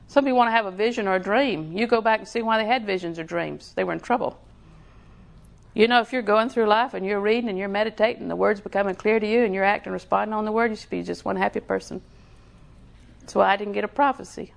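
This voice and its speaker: A woman's voice: mid-range voice, creaky. A middle-aged woman, preaching a sermon in a folksy, storytelling way with lots of repetition.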